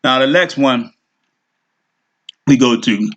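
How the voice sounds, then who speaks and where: Male teacher, mid-pitched, informal and unscripted; narrates his screen as he goes. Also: slow pace, fairly bright tone, dull audio. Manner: thinks aloud, fills with okay and all right. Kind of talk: screen-share lesson.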